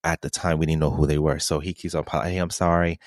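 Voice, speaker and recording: Deep-voiced man telling a laid-back story. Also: little pitch movement, fast talker, darkish tone, dry recording. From New York City. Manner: laid-back, laughs often, quotes friends. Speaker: podcast co-host. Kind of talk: casual storytelling chat.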